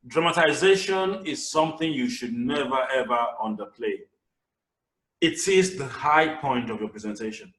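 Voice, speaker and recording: A man with a Nigerian accent giving a public speaking webinar over a video call, lively and acting out his examples. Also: mid-range voice, normal speed. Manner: animated, acts out examples. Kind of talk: webinar lecture. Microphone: video call camera mic. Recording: echoey room, voice distant from mic.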